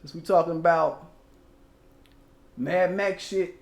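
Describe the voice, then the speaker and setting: A man's voice: on the high side, fairly even intonation, slow, creaky, roomy sound. A man hosting his own channel, giving loose, profane casual commentary and rapping old lyrics along the way. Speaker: channel host.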